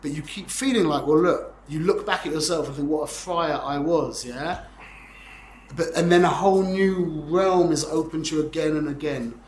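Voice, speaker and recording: A man's voice: a little high, normal speed, a little hiss or hum. Man in his forties teaching, roomy echo. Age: 40s. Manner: rambling, conversational, peppered with "yeah?" checks. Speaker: Torah teacher. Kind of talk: informal class lecture.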